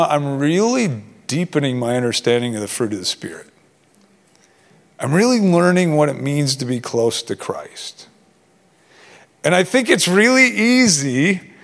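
A man preaching to a youth ministry in a conversational way, often acting out short quoted exchanges. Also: on the high side. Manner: conversational, acts out quoted dialogue. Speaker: pastor. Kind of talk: sermon. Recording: long hall reverb.

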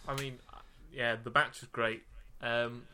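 A young man co-hosting a podcast, giggly and quick with short interjections. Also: medium pitch, level tone, sharp tone. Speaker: podcast co-host. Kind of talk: casual chat.

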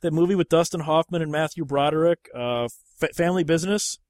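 A man's voice: on the high side, quick pace, a little mellow, no echo, studio quality. A man hosting a podcast, chatting casually about movies, rambling and swearing freely. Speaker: podcast host.

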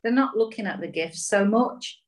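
A woman guest speaks in a supportive, slightly hesitant way and often restarts her sentences. Her voice sits at an ordinary middle pitch for a woman. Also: lively intonation, moderate pace, low-quality recording. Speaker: podcast guest. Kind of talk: casual conversation.

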